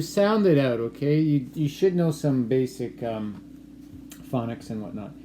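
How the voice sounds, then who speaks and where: Man from Canada, teacher, slow careful dictation, middle-pitched voice, steady background noise. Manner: slow, clearly dictated phrasing, repeating sentences. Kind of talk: dictation lesson to students.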